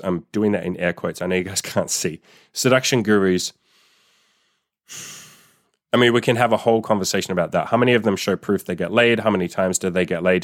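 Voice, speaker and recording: A man's voice: deep voice, no echo, studio quality. A man coaching listeners in a solo podcast monologue, blunt, emphatic and profane, acting out quoted dialogue in a mocking voice. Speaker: dating coach.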